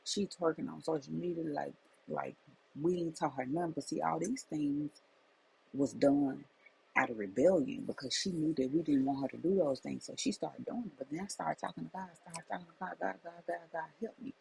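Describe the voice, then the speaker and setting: A middle-aged woman shares a personal testimony as a faith message, her voice gravelly with a husky, fried edge. She tells it emphatically and circles back on her words, with a faint hiss of ambience underneath. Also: low voice, moderate pace, warm tone, low-quality recording. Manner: emphatic, repetitive storytelling. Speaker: life coach.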